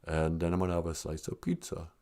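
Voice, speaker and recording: A man impersonating a laid-back, mumbling tough-guy boxer movie star, with a low, slurred drawl. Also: level tone, fast talker, dark tone. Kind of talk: comedic impression.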